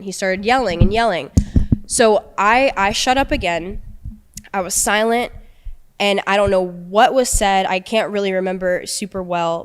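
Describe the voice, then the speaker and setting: A young woman guest on a podcast, telling a personal story in an earnest, halting way with many restarts. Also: mid-range voice, clear, resonant tone.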